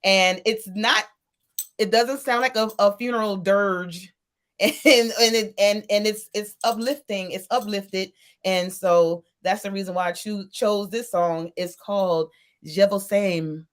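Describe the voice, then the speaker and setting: A woman's voice: medium pitch, fairly even intonation, a little slow. A woman co-hosting a radio music show, chatting casually and playfully, laughing often and enthusiastic about the music.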